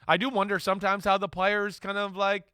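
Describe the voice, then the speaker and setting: Rambling, bright-voiced man talking football. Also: sits high, completely flat delivery, brisk, clear, resonant tone, dry recording, clean studio sound. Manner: rambling, many restarts and fillers, enthusiastic. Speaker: sports analyst. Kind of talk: casual sports analysis chat.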